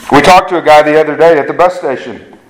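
Preaching as a pastor, a man with a fairly high voice speaks fast, earnest and emphatic, often checking in with the congregation and restarting his words by repeating them as sentences begin. The recording is rough, with slight background noise.

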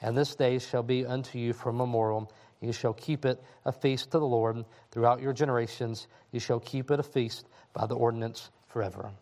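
A man, a pastor, reading scripture aloud in a steady, formal way. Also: medium pitch, brisk.

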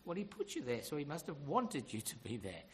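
A man's voice: a little high, huge pitch swings, fairly quick, poor audio. A man preaching a sermon in an emphatic, storytelling way, with frequent rhetorical questions to the congregation.

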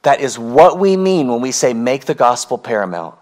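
A pastor preaches a sermon in a medium-pitched, darkish, very animated voice, earnest and emphatic. He repeats key phrases and swings between slow, drawn-out words and quick runs.

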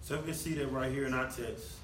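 A man's voice: mid-range voice, steady tone, quick pace, a little hiss or hum. A man preaching a sermon, talking to the congregation conversationally and firing off rhetorical questions. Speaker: pastor. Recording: echoey room, mic at a distance.

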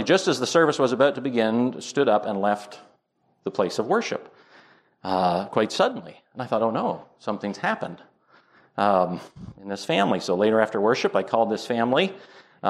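A man's voice: lowish voice, big pitch swings, fairly quick. A man preaching a sermon as pastor, earnest, building to emphatic points.

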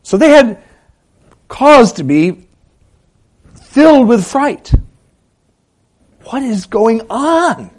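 Animated pastor preaching with swinging dynamics. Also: male voice, very high voice, very slow, long pauses. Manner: rhetorical questions, repeated emphatic phrases; swings between loud and soft delivery. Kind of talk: sermon.

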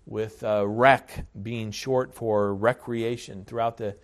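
Slow, deliberate male pastor preaching. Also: lowish voice, fairly even intonation. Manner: measured, deliberate, frequent hesitations. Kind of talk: sermon.

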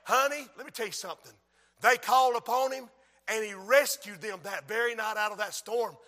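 High, bright preacher in a hall. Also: male voice, steady tone, a little fast. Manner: swings from hushed storytelling to shouted refrains. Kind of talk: sermon.

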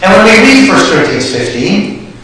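Pastor guy preaching in a church, kinda high voice, fired-up delivery, far off mic, big echoey hall. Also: sing-song, moderate pace. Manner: impassioned preaching, rising to loud exclamations. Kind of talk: sermon. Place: church sanctuary.

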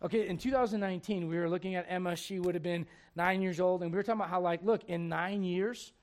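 A man in his forties, a pastor preaching a sermon in a church with joking, animated storytelling. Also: high voice, fast talker. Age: 40s.

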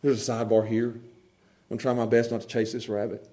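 A man preaching a sermon, animated, moving between quiet asides and loud, laughing bursts. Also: mid-range voice, quick pace. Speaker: pastor.

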